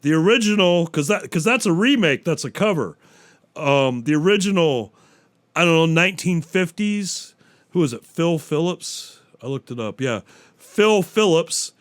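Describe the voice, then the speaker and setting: A man's voice: on the high side, animated, moderate pace, no room sound. A man hosting a solo podcast, chatting casually and rambling, swearing freely and acting out bits of dialogue. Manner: rambling, profane, acts out quotes. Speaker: podcast host. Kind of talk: casual solo movie talk.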